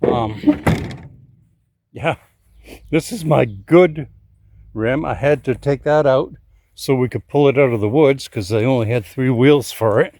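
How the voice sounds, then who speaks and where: A man talks slowly through his car projects, taking his time between phrases. His humor is dry and wry, and his voice sits at a middle pitch. The sound is dry, with little room echo. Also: darkish tone. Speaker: hobby car restorer and channel host. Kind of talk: casual car update vlog. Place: outdoors in a driveway.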